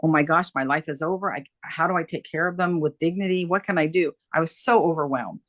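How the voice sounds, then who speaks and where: Animated middle-aged woman telling a story. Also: sits low, quick pace, no room sound. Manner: animated, emphatic, repeats phrases for effect. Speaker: guest, dementia care coach. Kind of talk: conversational interview storytelling.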